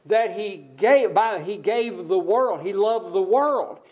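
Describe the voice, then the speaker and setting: Man, high-pitched voice, preacher, sermon, emphatic, repetitive build-ups, rhetorical questions. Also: slow, muffled recording.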